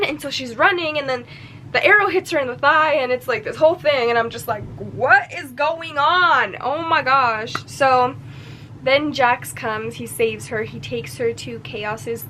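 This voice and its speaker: Excitable, chatty young woman book vlogger. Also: fairly high pitch, slight background noise, poor audio. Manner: excitable, chatty, acts out characters' lines. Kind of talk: casual reading vlog recap.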